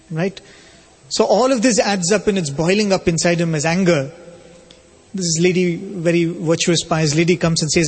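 A man giving a spiritual talk, telling a story in a measured, explanatory way. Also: on the high side, husky, soft background music. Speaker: spiritual speaker. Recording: long reverb of a hall.

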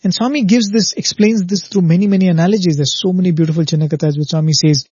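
A man's voice: high voice, steady tone, quick pace, a little mellow, slightly rough, no echo, dull audio. A man giving an earnest spiritual discourse on a show, telling parables and often asking "right?". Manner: earnest, repetitive "right?" checks, storytelling.

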